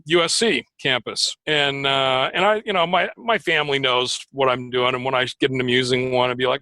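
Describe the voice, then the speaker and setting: A man's voice: medium pitch, fairly quick, gravelly, hardly any pauses, pushed and bright, dry recording, rough recording. A middle-aged man, a veteran process server, casually telling stories in a podcast interview and acting out the voices of people he quotes. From Los Angeles area.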